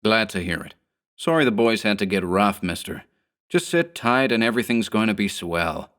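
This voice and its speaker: A man's voice: on the low side, expressive, moderate pace, fairly bright tone. A man voicing a cocky, scornful 1930s gang boss who talks in harsh gangster slang, in a horror audiobook. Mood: mocking.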